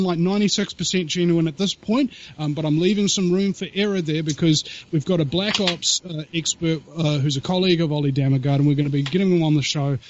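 A man hosting a podcast, talking in an excitable, rambling way with many fillers and speaking straight to his audience. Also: high-pitched, muffled recording. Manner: addresses the audience directly. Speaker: show host. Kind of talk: casual podcast talk.

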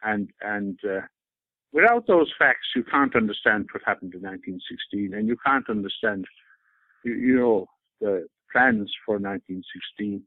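A man's voice: fairly low pitch, expressive, moderate pace, dry recording. Insistent Irish man on a phone line. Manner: rambling, insistent, repeats himself. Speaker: interviewee.

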